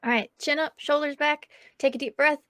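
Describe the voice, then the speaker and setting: A woman's voice: high-pitched, steady tone, fairly quick, a bit bright. Eager woman playing a tabletop game. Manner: eager, coaxing. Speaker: player. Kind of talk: tabletop role-play.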